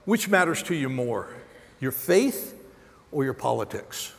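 A man preaching a sermon as a pastor, animated, acting out quotes with sudden jumps in pitch. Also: measured pace, gravelly. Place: large church auditorium. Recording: long hall reverb.

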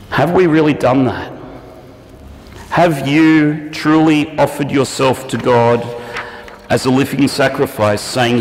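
Animated preacher in echoey hall. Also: male voice, unhurried. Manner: animated, acts out prayers and quotes with shifting pitch. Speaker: pastor. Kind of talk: sermon. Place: church hall. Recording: echoey church hall, long reverb.

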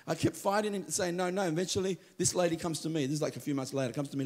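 A man preaching a sermon as pastor, telling stories with lively quoted voices. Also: sits high, fast. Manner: animated storytelling, acts out quoted voices. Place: church.

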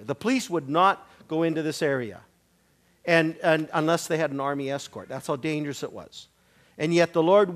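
A middle-aged man preaching in church, telling testimony stories in an animated way and laughing often. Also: fairly high pitch. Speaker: visiting preacher. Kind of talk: sermon sharing testimonies.

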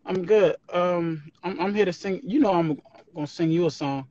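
A woman joining a livestream by phone who speaks slowly and softly, then sings. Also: lowish voice. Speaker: livestream guest singer. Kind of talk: casual chat and a cappella singing. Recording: dry, dull phone audio.

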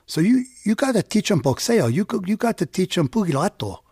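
A man's voice: high-pitched, big pitch swings, a little fast, a little mellow, slightly rough, no room sound, clean studio sound, voice pushed up, exaggerated voice. A man voicing a kind, muscular Chicano mechanic, urgent and stammering, with a Spanish-tinged accent. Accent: Mexican American Spanish-tinged English.

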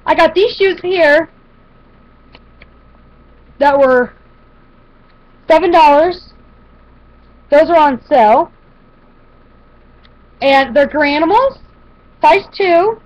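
Showing her shopping haul on camera, a woman talks in an animated, high voice, taking her time and pausing often. The vlogger rambles casually with fillers and restarts. Audio is the dull lo-fi kind typical of home video.

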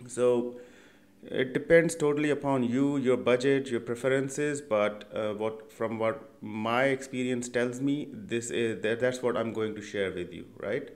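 A young man with a medium-pitched voice hosts an education channel, walking through a screen-share tutorial at an unhurried pace. His delivery is casual and conversational, full of fillers and "right?" check-ins.

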